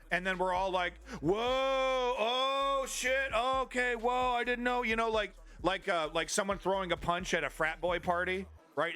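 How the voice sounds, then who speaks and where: A man's voice: fairly high pitch, sharp tone. A man ranting about politics on a live stream, profane and flippant, often restarting his sentences. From Canada.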